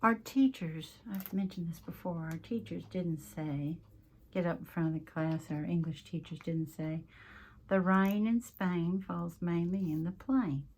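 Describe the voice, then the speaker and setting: Slow, husky Southern woman crafting. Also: lowish voice, a little mellow. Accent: Southern American. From Southern United States. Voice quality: slightly husky, clears throat often. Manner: chatty, homey, drifts off topic mid-craft. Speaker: crafting channel host. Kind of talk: casual craft-along chat.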